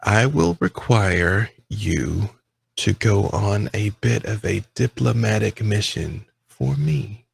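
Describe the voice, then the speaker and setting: A man voicing a scheming noblewoman who talks in a slow, doting, honeyed way. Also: lowish voice, lively intonation, gravelly, slightly rough, dry recording, exaggerated voice. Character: scheming, sugary-sweet noblewoman ruler. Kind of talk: tabletop role-play voicing.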